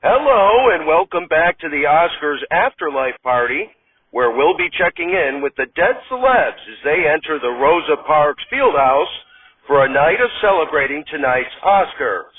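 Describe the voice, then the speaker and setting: A man's voice: on the high side, very animated, measured pace. A man doing a chipper red-carpet host, tinny. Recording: tinny distant phone-like sound.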